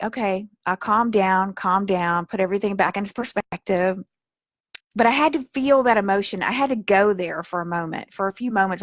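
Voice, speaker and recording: A woman's voice: medium pitch, a bit bright, dry recording, studio quality. A woman teaching spiritual healing in a soothing, earnest way, with frequent fillers as she talks. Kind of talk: spiritual guidance talk.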